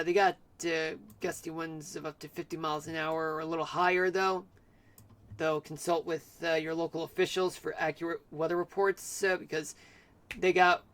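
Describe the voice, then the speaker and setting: A man streaming live, giving an amateur weather forecast in a halting way with many fillers and restarts. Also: on the high side, fairly bright tone.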